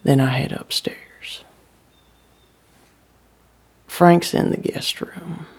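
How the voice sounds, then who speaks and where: A woman telling a first-person dramatic monologue in dialect. She often drops into breathy whispers. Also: lowish voice, fairly even intonation, extremely slow, a little mellow. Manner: drawling dialect storytelling, slipping into breathy whispers. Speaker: storyteller.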